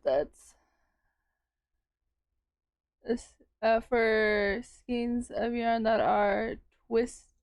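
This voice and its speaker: A woman streamer talks slowly and loosely with her viewers, her voice sitting a little high. She laughs often and reacts to chat. The sound is dry and close, with no room around it. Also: vocal fry, no echo. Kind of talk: casual chat with live chat.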